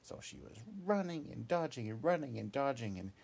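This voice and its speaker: A man spins a children's story off the cuff, wandering through asides and fillers. His voice is gravelly and a little husky, with a lively, rising and falling pitch. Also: brisk. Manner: meandering, casual, with many asides and fillers. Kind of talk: improvised children's story narration.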